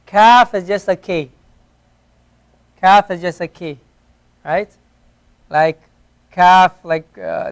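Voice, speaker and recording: A man's voice: high-pitched, a bit bright, clear, resonant tone. A man teaching an Arabic class, patiently repeating each letter sound to demonstrate its pronunciation. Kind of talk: classroom lesson. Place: classroom at an Islamic center.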